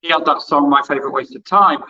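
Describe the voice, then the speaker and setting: A man's voice: a little high, fast talker, muffled recording, a crowd in the background. A man who interviews musicians and used to present hospital radio, telling rambling anecdotes in a casual interview and acting out the dialogue he quotes.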